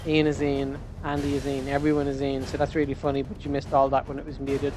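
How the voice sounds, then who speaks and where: A man's voice: mid-range voice, monotone, quick pace, over music. A man from Ireland hosting a gaming livestream, joking and rambling in casual chat. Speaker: streamer.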